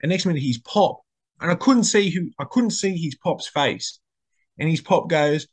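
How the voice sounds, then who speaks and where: A young man chatting casually, his voice sitting a touch higher than most men's. He rambles through his stories with slang and plenty of restarts. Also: animated, moderate pace, breathy edge. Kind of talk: casual chat.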